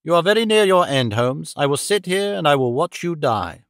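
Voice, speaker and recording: A man's voice: a little high, animated, normal speed, clear, resonant tone, no echo, clean studio sound. A man voicing a cold, gloating middle-aged male villain who mocks and menaces his dying victim. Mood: menacing. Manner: sneering, menacing, mocking.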